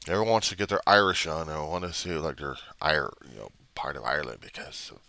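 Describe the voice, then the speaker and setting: A man's voice: extremely low pitch, animated, quick pace, vocal fry, bright, forceful tone, no room sound. A man from the United States, rambling and trailing off in a personal video diary, with mild cursing. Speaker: video diarist.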